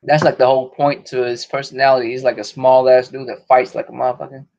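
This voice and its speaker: A man chatting loosely on a podcast, his talk full of slang and swearing and often breaking into laughs. His voice sits at an ordinary middle pitch, and the recording is dull and lo-fi. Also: level tone, fast talker, gravelly, a little mellow. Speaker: podcast host. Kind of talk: casual podcast chat.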